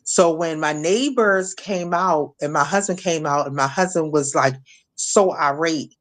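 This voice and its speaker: A middle-aged woman from Maryland speaking as an interview guest, telling a painful personal story with frequent restarts and fillers. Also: sits low. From Maryland, USA. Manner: halting, many restarts and fillers. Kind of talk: emotional personal testimony.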